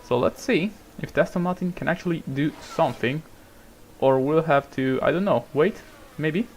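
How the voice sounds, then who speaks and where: A man's voice: on the high side, normal speed, a little hiss or hum. Swearing casual gaming commentator man. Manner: swears a lot, rambling, bursts into shouting at drivers. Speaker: gamer commentating a racing management game. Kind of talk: casual let's-play commentary.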